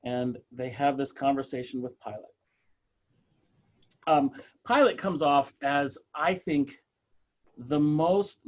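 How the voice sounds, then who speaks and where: A man leading a church book group discussion, thoughtful and halting, with many fillers and restarts. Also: medium pitch, a little mellow, muffled recording.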